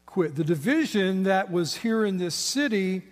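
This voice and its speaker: A middle-aged male pastor with a high voice preaches in a sermon that feels more like a conversation, full of rhetorical questions and folksy asides. His words ring out with a long reverb, as if from a big church sanctuary. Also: expressive, a little slow. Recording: long reverb of a large hall.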